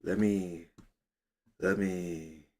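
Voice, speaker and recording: A man's voice: sits low, steady tone, very slow, dark tone. A young man hosting a casual livestream, chatting loosely, reading comments aloud and fumbling with his setup. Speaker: livestream host.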